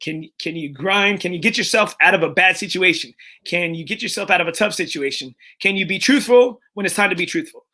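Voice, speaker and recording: A man hosts a casual podcast in a high, bright voice. He talks earnestly and emotionally, often restarting his sentences and leaning on fillers. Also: brisk. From Texas. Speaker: podcast host.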